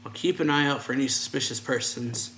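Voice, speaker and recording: Eager young patrol guy, read by a man, mid pitch. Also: a little fast, roomy sound, a little hiss or hum, natural voice, low-quality recording. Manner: read aloud, a little louder.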